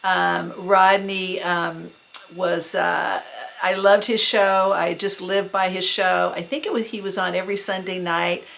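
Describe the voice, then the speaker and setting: Gravelly-voiced older woman reminiscing casually. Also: lowish voice, flat delivery, fairly bright tone, a little hiss or hum, low-quality recording. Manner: rambling, many fillers, quick self-mocking laughs. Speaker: vlogger recalling the early punk scene. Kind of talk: casual spoken memoir.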